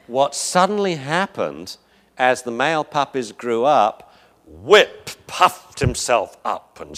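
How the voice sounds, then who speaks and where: A man giving a lecture on dog behavior while narrating video footage. His pitch swings widely, rising and falling as he talks. He chuckles often and slips into voices for the dogs. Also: sing-song, slow, a bit bright.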